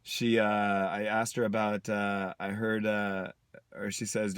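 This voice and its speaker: A man with a low, deep voice speaks in a personal video diary. His delivery is reflective and halting, broken up by pauses. The sound is dry and close, with no room around it. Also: little pitch movement, fairly bright tone, clear, resonant tone, no room sound. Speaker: vlogger.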